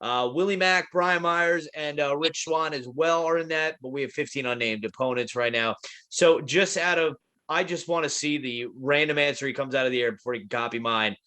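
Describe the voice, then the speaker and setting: A man's voice: on the high side, a little fast, sharp tone. A man hosting a casual wrestling prediction podcast, calling on each co-host in turn. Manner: leads the talk, calls on each co-host.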